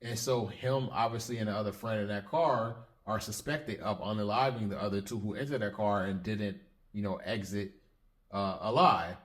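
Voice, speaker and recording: A man with a lowish voice talks through his commentary casually, laying out one point after another. He often stops and restarts mid-sentence as he works through his explanation. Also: fairly even intonation, normal speed. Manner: methodical, explains step by step with frequent restarts. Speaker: host of a lyric breakdown channel.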